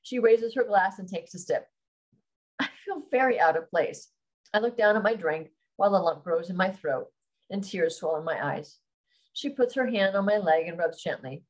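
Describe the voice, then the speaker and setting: A woman author reading her own romance novel aloud on a live stream, calm and steady, then chatting to viewers. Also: mid-range voice, moderate pace, poor audio.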